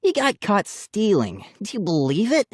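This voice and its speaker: A man's voice: high-pitched, wildly swooping pitch, moderate pace, darkish tone, no echo, voice pushed up, heavily acted. A man voicing a big, rude teenage boy who mocks his cousins, in a dry close recording for an audiobook. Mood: smirking. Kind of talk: audiobook character voice.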